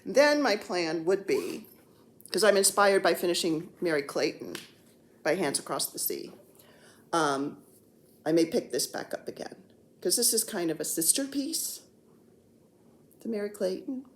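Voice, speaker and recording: A woman's voice: fairly low pitch, big pitch swings, measured pace, pauses often. A woman in her sixties chatting casually as a cross-stitch vlogger, rambling and joking while seated on the floor at home. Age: 60s. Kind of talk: casual chat.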